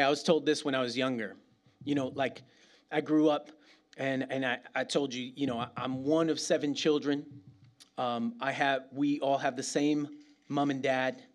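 A middle-aged man from New York City preaching a sermon as pastor, in a lively, conversational way full of slang and asides. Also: medium pitch.

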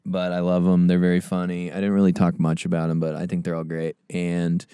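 A man's voice: deep voice, completely flat delivery, a little fast, dark tone, clear, resonant tone, dry recording, clean studio sound. A man hosting a comedy podcast, joking and laughing often in a self-deprecating way. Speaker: podcast host. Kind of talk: casual comedy podcast chat.

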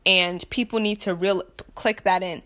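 A woman's voice: medium pitch, steady tone, moderate pace, pushed and bright. A young woman from the United States delivering an impassioned, frustrated rant to camera, blunt and repetitive, with nervous laughs between points. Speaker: vlogger.

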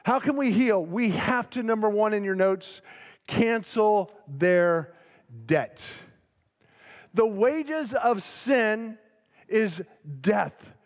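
A male pastor preaching a sermon in a church, emphatic and slowing down to stretch out key words. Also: high-pitched. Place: church sanctuary. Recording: long hall reverb in a large sanctuary.

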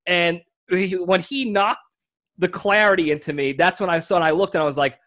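Young guy with a high voice cracking jokes and doing bits on a chill podcast. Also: a little fast. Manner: animated storyteller, acts out voices and laughs. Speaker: podcast co-host. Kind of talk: casual comedic chat.

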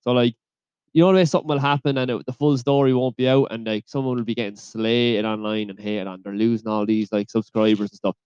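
Fast young Irish man with a lisp. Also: mid-range voice, fairly even intonation, a little mellow, smooth, dry recording, lo-fi sound. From Ireland. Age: young adult. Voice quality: slight lisp. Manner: blunt opinions, trailing asides. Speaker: podcast co-host. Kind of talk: casual chat.

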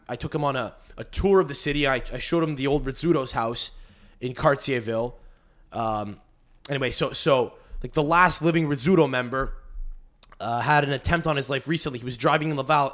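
Brief: comedian podcast host, animated riffing, mid-range voice. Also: male voice, mid-range voice. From Canada. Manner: animated riffing with frequent restarts. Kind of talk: casual podcast monologue.

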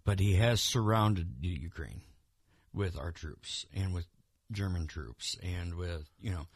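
Deep-voiced and slightly rough, a man talks at a measured pace in a dry recording. He co-hosts a podcast, chatting loosely about politics and the news in a rambling way, often restarting and repeating words.

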